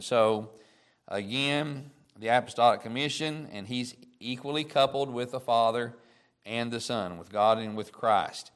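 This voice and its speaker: A man teaching a Bible study lesson, reading verses slowly and deliberately, then explaining in a casual way with fillers. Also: medium pitch.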